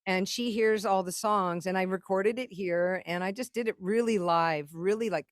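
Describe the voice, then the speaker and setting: A woman's voice: mid-range voice, normal speed, no echo, studio quality. Rambling, salty-tongued woman storyteller. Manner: rambling, profane, acts out quoted dialogue. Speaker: guest songwriter and producer. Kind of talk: casual storytelling interview.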